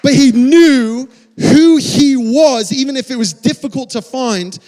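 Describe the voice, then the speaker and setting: A male pastor delivers a passionate, conversational sermon in a church auditorium, frequently restarting his phrases. His voice is extremely high-pitched with a darkish tone and a slightly slow pace, and the hall sounds reverberant.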